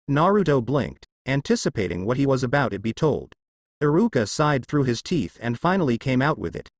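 A man narrating a fan fiction story in an expressive storytelling manner. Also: mid-range voice, fairly quick, dry recording.

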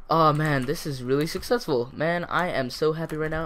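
A man casually commenting as he plays a video game, rambling and chatty with sudden bursts of excitement. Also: on the high side, moderate pace, hardly any pauses, slight background noise. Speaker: gaming YouTuber. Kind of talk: casual let's-play commentary.

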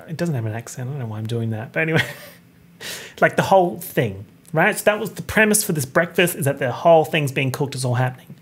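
Animated campy young man podcasting. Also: fairly high pitch, fast talker, breathy edge. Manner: animated, campy and expressive, swearing freely. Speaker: podcast host. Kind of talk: casual solo podcast chat.

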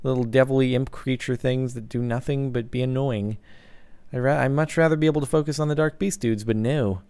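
A young man giving jokey, excitable let's-play commentary, breaking into yelps and sing-song chants. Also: medium pitch, brisk, smooth, no echo. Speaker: gaming YouTuber.

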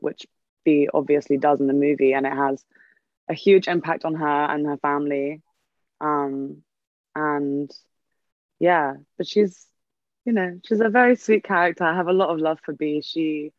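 A woman's voice: deep voice, no echo, dull audio. A woman in the film's cast answering on a Q&A panel, rambling casually with many fillers and restarts. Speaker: film cast member on a Q&A panel.

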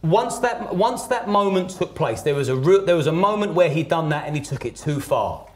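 A man speaking as a guest on a podcast. He tells his story bluntly and with heavy emphasis, swearing freely. His voice sits a little above the usual male pitch. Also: lively intonation, normal speed. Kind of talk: personal storytelling in conversation.

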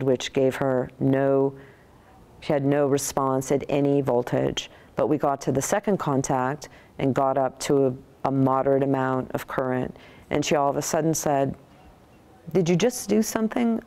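A middle-aged woman neuroscientist recounting research in an interview, thoughtful and animated, with frequent restarts. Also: extremely low pitch.

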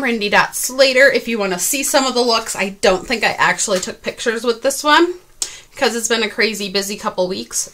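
A woman's voice: medium pitch, bright, forceful tone. A woman beauty vlogger at home, talking casually and rambling a little about her makeup. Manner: chatty and rambling, self-aware.

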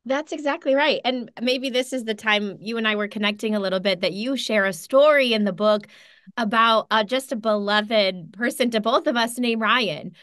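A woman hosts a podcast and responds to her guest with heartfelt agreement. Her voice is fairly high. The sound is dry and close, with no room echo. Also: normal speed. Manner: warm, affirming, speaks with feeling. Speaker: podcast host. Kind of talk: podcast interview.

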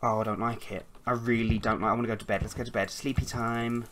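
A woman playing a horror game out loud, jumpy, swearing often and stammering when scared. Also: very deep voice, level tone, quick pace, noisy background. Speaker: let's play gamer.

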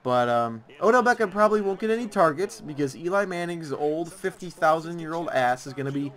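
A young YouTuber gives football picks while gameplay runs, in casual commentary. His fairly high, slightly bright voice is animated and fairly quick, and he rants sarcastically, drawing out words for emphasis.

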